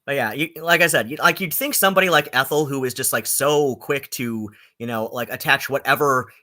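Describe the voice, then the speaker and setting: A man streaming rambling, sarcastic commentary, halting on constant ums and likes. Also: medium pitch, bright, forceful tone. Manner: filler-heavy, halting, with many ums and likes; sarcastic and exasperated.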